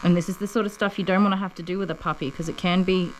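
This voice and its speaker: A fairly low-voiced woman grooms a puppy on camera in a relaxed vlog. She talks viewers through each step in an easygoing, explanatory way and drops into gentle, soothing words for the dog. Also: rapid-fire, background noise. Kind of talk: casual vlog narration while working.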